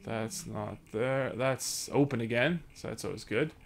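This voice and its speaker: A man's voice: mid-range voice, measured pace, gravelly, soft background music. A young man, commenting on a horror game he is playing, joking around and swearing when he gets scared. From Sudbury, Canada. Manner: jokey, swears, panics and yelps when scared. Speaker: let's play host.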